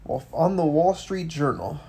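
A man co-hosting a casual political commentary podcast, animated and swearing, with many stumbling restarts. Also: fairly high pitch, a little slow, breathy edge. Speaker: podcast co-host.

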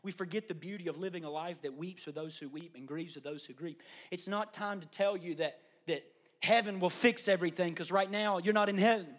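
A middle-aged man preaching a sermon as pastor, acting out the voices in the story and swinging from loud, pressing lines to hushed whispers. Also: high-pitched, fairly quick. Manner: dramatic, swings from loud shouting to hushed whispers, acts out quotes.

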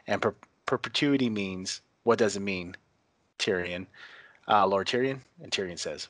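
A man's voice: lowish voice, a bit bright, no room sound. Casual man reading a script aloud. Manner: casual, halting, with fillers and self-corrections.

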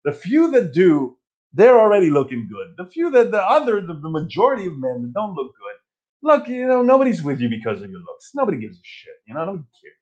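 A man in his forties rants on a live stream from his old childhood bedroom, his pitch jumping all over as he tells stories. He swears a lot and makes fun of himself, and his voice sits a bit high for a man. The audio is dull and lo-fi. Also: brisk. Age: 40s. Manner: profane, self-mocking, animated storytelling. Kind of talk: casual ranting live stream.

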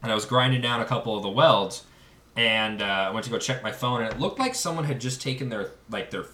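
A man's voice: medium pitch, fairly quick, pushed and bright. A young man in casual chat, telling rambling, profane stories with lots of restarts. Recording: echoey room, mic at a distance.

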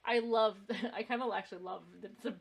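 A woman's voice: medium pitch, steady tone, fairly quick, slightly rough. A woman co-hosting a casual movie-watching podcast, with a mid-range voice. She is blunt, laughs often and swears freely as she riffs on what is on screen. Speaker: podcast co-host.

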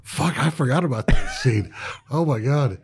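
A man co-hosts a podcast, chatting casually in a laid-back, profane style. His gravelly voice is medium-pitched and moves at a moderate pace.

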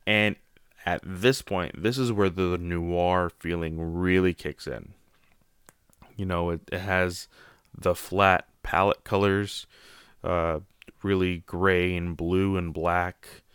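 Man, comic reviewer, very low and smooth voice, loose rambling delivery, dry close sound. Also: steady tone, takes it slowly, fairly bright tone, no room sound. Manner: rambling, heavy on "you know" fillers. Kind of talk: casual spoken review.

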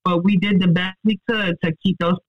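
A woman's voice: lowish voice, steady tone, narrow, tinny audio. A woman ICU nurse, giving an earnest, faith-driven account of her work in an interview. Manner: earnest, heartfelt and faith-driven, quick and emphatic. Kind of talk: personal testimony in an interview.

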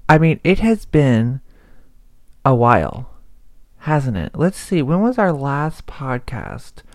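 A man's voice: mid-range voice, very animated, takes it slowly, dry recording. A young man hosting a podcast, chatting casually on his own in a rambling, self-deprecating way. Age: young adult. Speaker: podcast host. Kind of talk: casual solo podcast chat.

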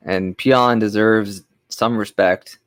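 A man's voice: fairly low pitch, steady tone, takes it slowly, dry recording. A man co-hosting a podcast in casual chat, giving blunt, opinionated takes. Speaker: podcast co-host.

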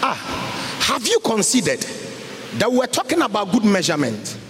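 A man preaching a sermon, in a sing-song voice that swings up to shouts. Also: sits high, wildly swooping pitch, moderate pace, slight background noise. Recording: hall reverb with faint music.

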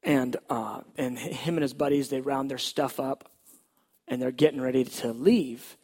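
A man telling a personal faith testimony in a conversational way, sometimes dropping to a hush. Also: medium pitch, fairly even intonation, normal speed, slightly rough. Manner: conversational storytelling, drops to hushed tones at tender moments. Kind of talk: testimony story.

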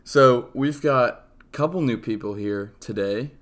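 A man's voice: medium pitch, unhurried. A man hosting a casual podcast, upbeat and introducing his guests with plenty of ums. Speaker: podcast host.

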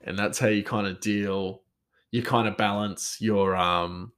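A man's voice: lowish voice, steady tone, measured pace, a bit bright, clean tone. A man, a chef, telling a story in a rambling, casual way and chuckling often.

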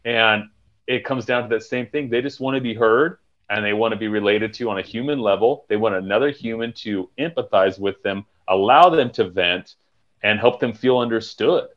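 A man with a slightly low voice talks frankly and reflectively in a relaxed podcast chat, cursing now and then. The recording sounds dull and lo-fi, missing its top end. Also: moderate pace. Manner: frank and reflective, swears casually. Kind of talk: candid conversational podcast talk.

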